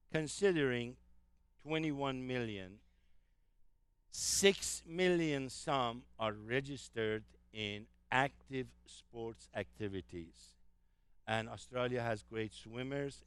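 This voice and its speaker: A man's voice: mid-range voice, clear, resonant tone, dry recording. A man giving an enthusiastic travel talk to a live audience, telling anecdotes with frequent fillers. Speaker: travel presenter.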